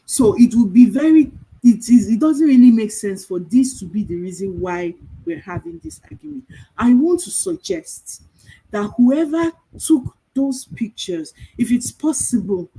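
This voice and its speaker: Calm woman, mellow husky voice. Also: on the high side, rough recording. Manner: calm, storytelling, emphatic with rhetorical questions. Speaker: virtual assistant coach. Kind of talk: motivational talk.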